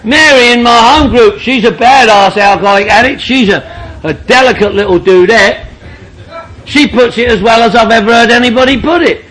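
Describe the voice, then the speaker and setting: A middle-aged man with a strikingly high voice tells his story to a meeting room crowd. He is blunt and joking, swears freely and laughs through his lines. His tone is bright and sharp. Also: moderate pace, poor audio. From London, England. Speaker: speaker sharing at a recovery meeting. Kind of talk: comic storytelling to a group.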